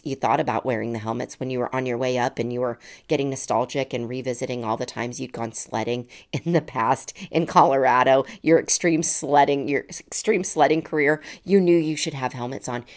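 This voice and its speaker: A woman in her forties tells a personal story as a podcast host, in a casual and animated way. Her voice sits very low and has a gravelly fry. She laughs easily and acts out the lines of the people in her story.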